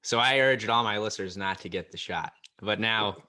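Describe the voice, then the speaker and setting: A man's voice: on the low side, normal speed, sharp tone. A man hosting a comedy podcast, chatting casually and making dry jokes. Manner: dry, joking. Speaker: podcast host.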